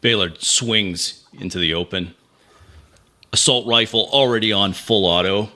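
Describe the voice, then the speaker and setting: A man's voice: lowish voice, measured pace, sharp tone. A man playing in a tabletop game, describing his character's moves in first person. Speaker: player.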